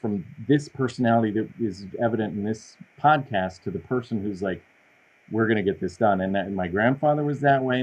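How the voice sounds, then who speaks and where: A middle-aged man guests on a podcast, his voice sitting a little low. He talks in a lively, self-deprecating way, rushing through his stories. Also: lo-fi sound. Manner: animated, self-deprecating storyteller. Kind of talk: casual conversation.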